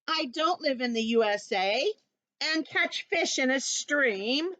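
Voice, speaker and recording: A woman's voice: high voice, animated, takes it slowly, pushed and bright, no room sound, heavily acted. A woman voicing a grumpy male koala who is fed up with being called a bear, reading it aloud from a storybook in an indignant, complaining way.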